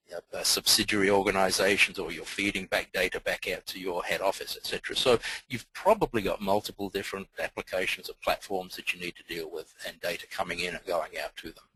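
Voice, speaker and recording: Low husky man with an Alabama accent. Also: a bit bright, no echo, poor audio. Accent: Southern US, Alabama. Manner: methodical, explanatory. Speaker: technical presenter. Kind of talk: webinar presentation.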